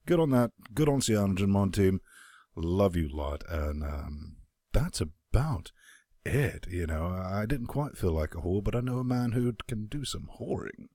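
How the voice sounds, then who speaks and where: A man's voice: low-pitched, sing-song, measured pace, dark tone, no echo, studio quality. A man hosting a gaming podcast, cracking crude jokes in casual banter. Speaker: podcast host.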